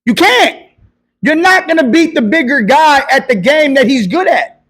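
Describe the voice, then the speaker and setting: High-voiced boxing coach arguing hard. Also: male voice, animated, normal speed, fairly bright tone. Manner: emphatic, argues in bursts with repeated buts and profanity. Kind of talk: heated casual debate.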